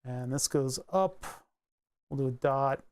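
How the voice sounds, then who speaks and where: A man giving a casual electronics tutorial, thinking aloud as he traces a circuit board, rambling and joking and grumbling wryly about his software. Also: mid-range voice, slow. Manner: rambling, joking, mutters while drawing. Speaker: electronics hobbyist explaining circuit tracing.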